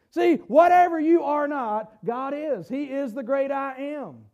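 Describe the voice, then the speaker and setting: A middle-aged male pastor with a strikingly high voice delivers an emphatic sermon. He repeats his phrases and at times climbs to a shout. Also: normal speed, hardly any pauses.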